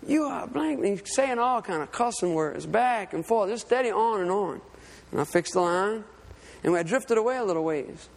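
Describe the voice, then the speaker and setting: A man's voice: high voice, moderate pace, long reverb tail. A man preaching a sermon, telling a personal story in an earnest, conversational way. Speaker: lay preacher and fishing guide.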